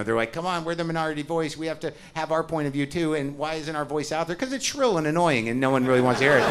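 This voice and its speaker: Sardonic ranting man with gravelly voice. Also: medium pitch, fairly bright tone. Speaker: stand-up comedian. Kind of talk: stand-up comedy set.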